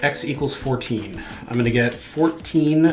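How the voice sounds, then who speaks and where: A man's voice: medium pitch, expressive, measured pace. A man playing a card game with friends, counting out plays methodically and joking around. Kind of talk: casual game chat. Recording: music playing underneath. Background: background music.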